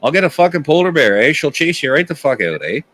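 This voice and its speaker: A man putting on a gruff Canadian man who guards his moose and his country, ending his lines with "eh" and throwing insults. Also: on the high side, big pitch swings, quick pace, fairly bright tone. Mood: brash, mocking. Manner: exaggerated stereotype with "eh" tags, brash and insulting.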